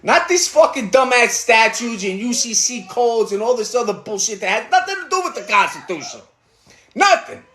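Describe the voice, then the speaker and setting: A middle-aged New Yorker livestreams from his home kitchen, bluntly ranting and rambling with profanity as he cooks. His very high voice swings widely in pitch and sounds pushed and bright at a moderate pace, with a roomy sound.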